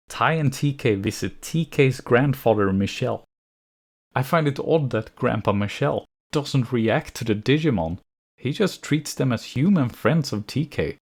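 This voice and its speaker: A man reads through a scripted review of an animated series at a mid-range pitch. His delivery is sardonic and picky, and he often sounds exasperated at the plot holes. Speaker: anime reviewer.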